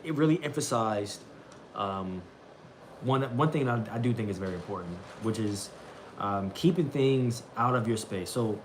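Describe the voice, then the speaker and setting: A man's voice: lowish voice, a little hiss or hum. A young man hosting a casual livestream, rambling and repeating himself, often saying bro as he talks about a daily Bible reading.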